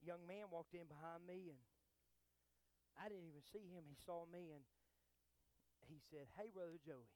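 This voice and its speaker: A man, a pastor preaching a sermon, moving between quiet storytelling and loud, fervent exhortation. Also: fairly high pitch, moderate pace, long pauses, no room sound.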